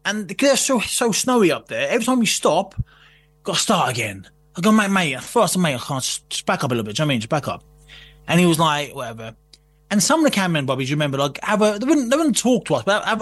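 A man's voice: high-pitched, fairly bright tone. A man telling a story in casual chat, swearing freely, acting out quotes and laughing often. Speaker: guest.

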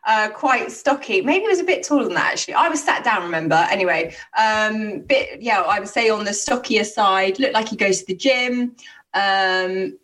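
A young woman telling stories on a podcast in a casual, animated way, swearing and acting out what people said. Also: medium pitch, moderate pace, far from the mic. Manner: animated, swearing, acts out quotes. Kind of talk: casual storytelling chat.

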